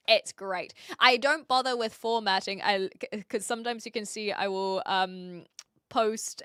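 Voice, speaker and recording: On her livestream, a young host chats casually with viewers in a scattered manner, often using fillers and restarting. Her voice is on the high side, pushed and bright with a clean tone, recorded in clean studio sound without echo.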